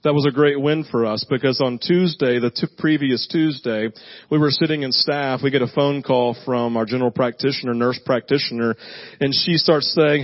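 A male pastor with a mid-range voice preaches at a moderate pace into a handheld mic, and the audio sounds dull. His sermon is conversational and animated, a personal story full of self-deprecating asides and frequent "right?"

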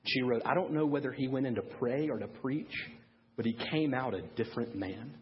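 A man preaching a sermon to parents, telling a story in a lively way and acting out the people he quotes. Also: medium pitch, fairly quick, muffled recording. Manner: animated storyteller, acts out quoted voices. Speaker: pastor.

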